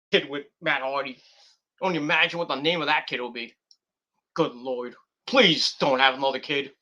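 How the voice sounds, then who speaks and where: A man's voice: on the high side, bright, forceful tone. A man giving a rambling, profane and exasperated review of a wrestling show. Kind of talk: casual rant review.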